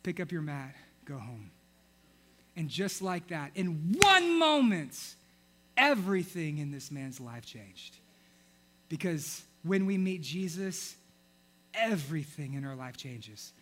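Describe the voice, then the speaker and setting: A young man preaching a sermon, telling a story in an animated way and acting out the characters. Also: fairly high pitch. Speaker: pastor.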